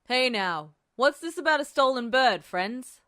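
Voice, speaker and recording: A woman voicing a gruff male jockey who challenges strangers, in an audiobook. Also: sits high, expressive, unhurried, a bit bright, voice pushed up. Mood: challenging. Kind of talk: audiobook character voice.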